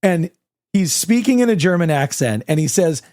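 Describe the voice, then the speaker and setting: A man co-hosting a podcast, sharing film trivia in casual chat with relaxed asides. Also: on the high side, normal speed. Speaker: podcast co-host.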